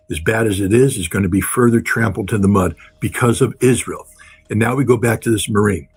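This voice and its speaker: A man's voice: lowish voice, breathy edge. A man giving impassioned, blunt political commentary as a guest, repeating phrases for emphasis.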